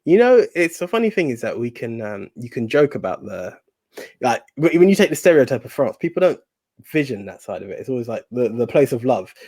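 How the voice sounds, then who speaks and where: A man co-hosts a casual movie chat in an everyday voice of middle pitch. He is relaxed but hesitant, often restarting and repeating words as he works through a point. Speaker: co-host of a movie podcast.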